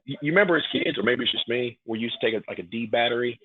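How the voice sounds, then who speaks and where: A man's voice: medium pitch, racing, husky, no echo. A man in his thirties, from New York and raised in Atlanta, telling stories in a casual podcast interview and acting out the quotes. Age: 30s. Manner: animated storyteller, acts out quotes. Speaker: guest, pro wrestler. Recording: tinny phone-like line.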